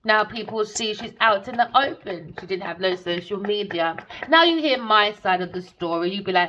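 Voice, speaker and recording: A woman deals her tarot reading as a bitter rant, sarcastic and scornful. She swears freely and drips "darling" with contempt, with her pitch sitting in an ordinary middle range. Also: animated, normal speed, few pauses, pushed and bright. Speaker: tarot reader.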